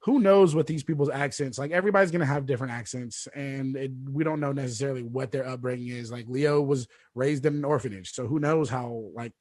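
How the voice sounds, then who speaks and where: A man hosting a film podcast in casual chat, halting and self-deprecating. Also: medium pitch, a little mellow, dry recording, clean studio sound. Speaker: podcast host.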